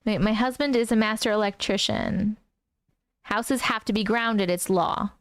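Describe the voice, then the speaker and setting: A woman's voice: medium pitch, measured pace, no echo, clean studio sound. A woman hosting a casual livestream at home, reading viewer comments aloud, easily spooked and laughing often. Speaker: host reading viewer stories. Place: home room.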